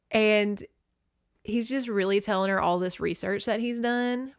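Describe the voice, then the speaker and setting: A young adult woman hosting a podcast, recapping a horror novel in a chatty, playful way with sarcastic asides. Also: fairly high pitch. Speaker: podcast host. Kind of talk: casual book recap podcast.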